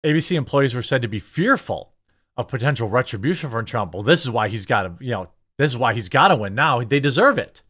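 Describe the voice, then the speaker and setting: Man, political commentary host, sarcastic, blunt, rambling, mid-pitched voice. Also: animated, quick pace, a bit bright.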